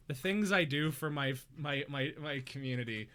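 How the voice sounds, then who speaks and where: A man's voice: a little high, moderate pace, few pauses, bright, forceful tone, clear, resonant tone. A young man chatting casually on a live stream from his home, giggly and rambling. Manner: giggly, rambling, self-deprecating. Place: home room.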